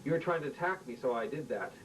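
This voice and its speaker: A man voicing a curt, commanding male starship captain, recorded from a distance with a faint rumble. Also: animated, fast talker, natural voice. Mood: stern.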